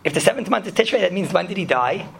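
A rabbi teaches students in a relaxed, chatty lesson, telling lively stories and laughing as he goes. His voice sits high for a man, with a gravelly fry. Hebrew and Yiddish terms run through his talk. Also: fast talker, a little hiss or hum. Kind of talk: casual Torah lesson with stories.

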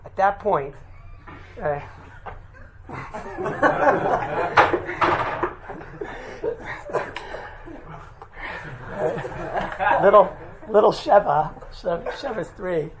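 A man teaching a religious class, telling a lively anecdote with laughs and quick "right?" asides, mixing in Yiddish and Hebrew terms. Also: high-pitched, very noisy. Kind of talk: animated storytelling talk to a group.

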